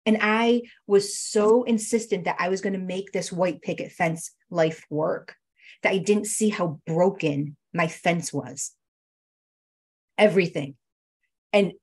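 A woman being interviewed, candidly recounting a hard personal story with emotion and frequent restarts. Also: on the low side. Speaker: interview guest.

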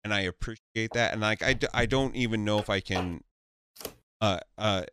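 A man interviewing a guest in a casual chat, halting and stumbling over his words. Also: on the low side, sharp tone, slight background noise.

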